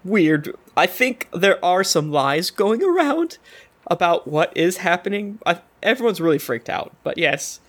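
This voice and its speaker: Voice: medium pitch, sing-song, a little slow, a bit bright. A game master voicing a nervous young female Warforged attendant who rambles and corrects herself mid-sentence. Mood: anxious. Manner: rambling, flustered, self-correcting.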